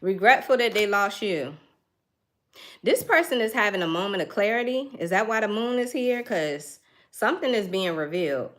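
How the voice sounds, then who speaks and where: A woman's voice: mid-range voice, lively intonation, normal speed, fairly bright tone. A woman giving a casual tarot reading, thinking aloud in a chatty way and laughing now and then. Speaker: tarot reader.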